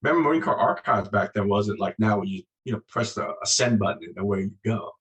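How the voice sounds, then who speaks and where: A man's voice: lowish voice, fast talker, low-quality recording. A man in his sixties, originally from Vietnam, telling stories as an interview guest and acting out the voices he quotes. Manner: animated storyteller, acts out quoted voices. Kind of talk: casual storytelling interview.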